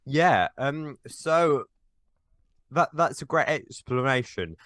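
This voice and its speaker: A young man hosting a casual interview podcast, earnest and a little halting as he introduces and questions his guest. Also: medium pitch, animated, a bit bright, no room sound, studio quality. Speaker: podcast host.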